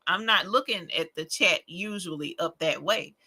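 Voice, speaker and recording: Woman, crafting livestream host; very bright, sharp tone; casual, rambling, folksy banter. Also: lowish voice, moderate pace, breathy edge. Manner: chatty and rambling, laughs often, folksy slang. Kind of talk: casual late-night livestream chat.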